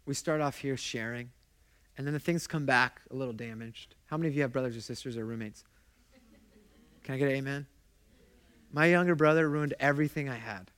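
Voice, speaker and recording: A man's voice: mid-range voice, fairly quick, pauses often, a bit bright, clean tone. A male pastor delivering a sermon in a middle-range voice. He talks conversationally, drawing the congregation in with questions. He tells his stories with passion. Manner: impassioned storytelling.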